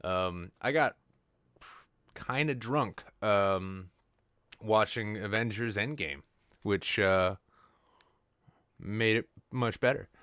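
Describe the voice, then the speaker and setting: A man's voice: lowish voice, slow, long pauses, a bit bright, dry recording, studio quality. A man hosting a podcast, telling crude jokey stories in casual banter. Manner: crude joking storyteller. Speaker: podcast host.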